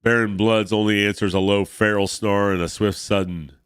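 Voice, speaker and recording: A man hosting a podcast reads a comic aloud with dramatic narration and eager asides. His voice is very low and smooth, recorded close and dry with no room around it. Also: level tone, fairly quick, dry recording. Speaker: podcast host. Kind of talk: reading a comic aloud with commentary.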